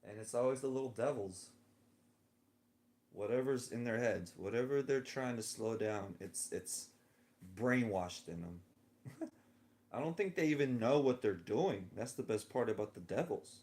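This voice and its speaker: A man's voice: medium pitch, expressive, moderate pace, darkish tone. A man vlogging a rambling personal monologue, musing and drifting between thoughts with frequent chuckles, lying in bed indoors.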